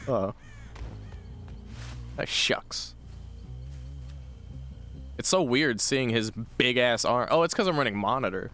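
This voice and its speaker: A man casually commenting on his gameplay as a streamer, playful and quick to laugh, swearing now and then at the game. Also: mid-range voice, lively intonation, bright, forceful tone, faint music behind.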